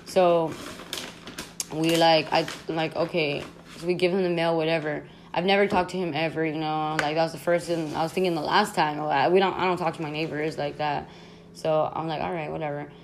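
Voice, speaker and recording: A young woman hosting a podcast, telling a story in a casual, animated, slangy way, full of "like" and swearing. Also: sits low, fairly quick, slight background noise. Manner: animated, slangy, constant "like", swearing, laughs often. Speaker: podcast host.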